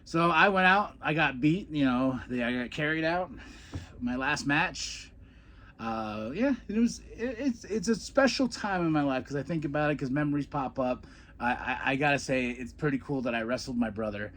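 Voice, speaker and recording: A man's voice: a little high, animated, moderate pace, fairly bright tone. A man hosting a podcast, telling old wrestling stories in a rambling way, repeating words and laughing often, then recapping a wrestling show. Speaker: podcast host, former wrestler. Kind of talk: casual storytelling and wrestling recap.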